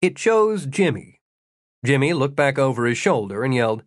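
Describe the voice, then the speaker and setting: A man reading an audiobook, telling an adventure story in a measured way with dry humor. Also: mid-range voice, very animated, dry recording. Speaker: narrator. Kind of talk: audiobook narration.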